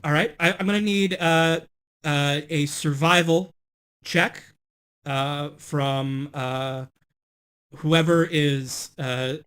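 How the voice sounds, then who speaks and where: A young man running a tabletop game as game master, unhurried and halting, with many fillers. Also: on the high side, steady tone, a bit bright, clean tone.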